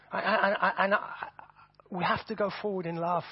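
A man preaching a sermon to his congregation, animated and often repeating words as he builds his points. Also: high voice, moderate pace, slightly rough, dry recording. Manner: animated, repeats words, acts out voices for effect. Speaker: pastor. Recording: dull, dry sound.

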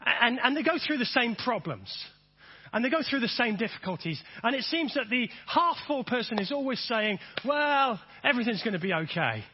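A man preaching a sermon, repeating phrases and swinging from soft to emphatic. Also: very high-pitched, lively intonation, a little fast, breathy edge, muffled recording. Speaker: pastor.

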